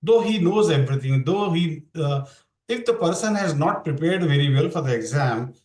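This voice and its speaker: A man's voice: fairly high pitch, expressive, moderate pace, a little mellow, echoey room, low-quality recording. A man teaching a scripture class online, explaining verses and asking his students questions. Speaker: Bhakti yoga teacher.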